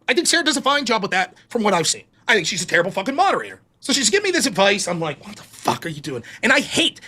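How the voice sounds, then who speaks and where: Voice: mid-range voice, bright, forceful tone. A streamer in a played clip, ranting with sarcasm and indignation and swearing heavily. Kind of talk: angry profane rant.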